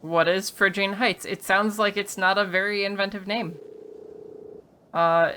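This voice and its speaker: A woman's voice: medium pitch, steady tone, a little slow, bright, forceful tone, slight background noise. A woman giving casual, wry commentary on a game she is playing, reading the dialogue aloud and joking about it. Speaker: let's play streamer.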